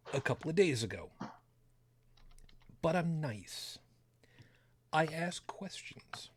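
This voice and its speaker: A man hosting a podcast in casual chat, blunt and quick to swear. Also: medium pitch, no echo. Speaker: podcast host.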